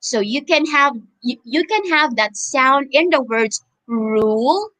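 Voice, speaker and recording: A woman's voice: high voice, animated, pushed and bright. A woman with a Filipino accent teaching an online phonics lesson, stretching out each word for learners to repeat after her. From Philippines. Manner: drawn-out, repeating words for learners to echo.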